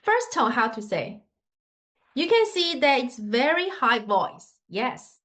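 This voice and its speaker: A woman's voice: sits high, very animated, slow pace, a bit bright. A woman teaching a Mandarin lesson in simple non-native English, patiently demonstrating tones with sung scales. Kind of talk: online language lesson.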